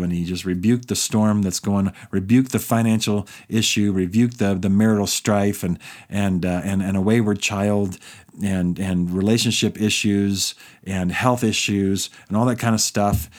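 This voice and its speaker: Male pastor, lower register, casual pulpit delivery, slips into voicing prayers. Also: moderate pace, darkish tone. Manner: conversational preaching, acts out quoted prayers. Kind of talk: sermon.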